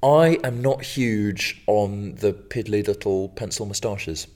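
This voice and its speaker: A man with a very low, deep voice, chatting casually about films. He is relaxed and sweary and often laughs mid-sentence. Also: slow. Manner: laid-back, swears a lot, bursts into laughter. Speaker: podcast co-host. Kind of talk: casual chat.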